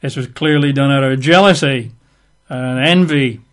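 A man's voice: medium pitch, moderate pace, fairly bright tone. A male preacher teaching through a Bible passage in a conversational sermon, explaining it with casual asides.

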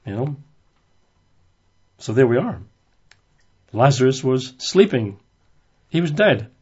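A man giving an informal Bible study, reading verses aloud and then commenting on them in a relaxed, conversational way. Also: medium pitch, takes it slowly, slightly rough, highs cut off. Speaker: Bible teacher.

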